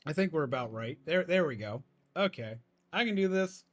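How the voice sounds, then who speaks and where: A male streamer using his raised, peppy streaming voice, pitched higher and pushed louder than his natural talk, chatting casually while he plays. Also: expressive, normal speed. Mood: upbeat. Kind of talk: casual chat while gaming.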